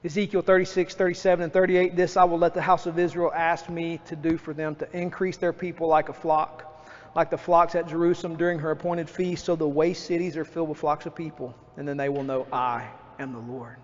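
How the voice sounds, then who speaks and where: A man preaching a sermon as pastor, lively and acting out his own outbursts. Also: fairly high pitch, brisk. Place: church sanctuary. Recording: dull church recording with long reverb.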